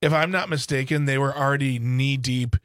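A man's voice: medium pitch, fairly even intonation, a little fast, fairly bright tone, no echo, studio quality. A man co-hosting a talk radio show, blunt and joking. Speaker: radio co-host. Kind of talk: casual radio chat.

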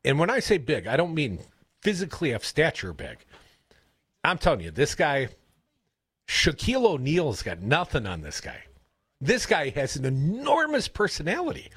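Man with Wisconsin accent, radio host, husky voice, lively swooping pitch, dry studio sound. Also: normal speed, no room sound. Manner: chatty, rambling storyteller, animated. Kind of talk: casual radio talk. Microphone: studio broadcast mic.

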